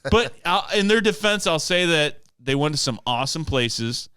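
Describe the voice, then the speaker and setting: Animated man chatting on a podcast. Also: fairly high pitch, moderate pace, smooth, dry recording, clean studio sound. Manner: animated, mimics people he talks about. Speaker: podcast co-host. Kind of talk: casual chat.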